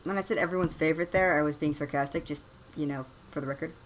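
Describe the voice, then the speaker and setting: A woman's voice: low-pitched, fairly even intonation, fast, slight background noise, poor audio. A woman giving casual, wry gameplay commentary with chatty, sarcastic asides. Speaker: let's play host.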